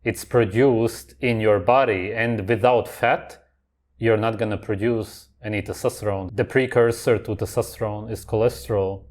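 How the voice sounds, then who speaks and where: A man's voice: lowish voice, fairly even intonation, moderate pace, a little mellow. A man hosting a reaction video, commenting on clips in a blunt, dismissive, contrarian way.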